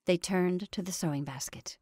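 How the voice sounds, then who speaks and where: Brief: female storyteller, low and measured, dry studio read. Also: warm tone, no room sound. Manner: measured, dramatic narration. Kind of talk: story reading aloud.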